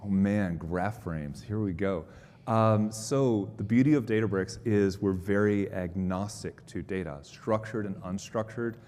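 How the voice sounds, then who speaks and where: A man's voice: unhurried, darkish tone. A man presenting at a conference, answering audience questions in an upbeat, explanatory, conversational way. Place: conference hall. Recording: long hall reverb, faint rumble.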